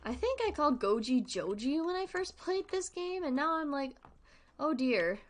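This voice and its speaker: A woman's voice: high-pitched, lively intonation, normal speed. A 22-year-old woman streaming a game, chatting casually and playfully with frequent giggles. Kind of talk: casual gameplay chat.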